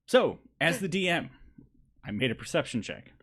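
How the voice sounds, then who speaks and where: A man's voice: fairly high pitch, big pitch swings, normal speed, fairly bright tone, husky. A man narrating as dungeon master in a tabletop game, loose and laughing as he describes the scene. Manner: loose and laughing, acts out crowd voices.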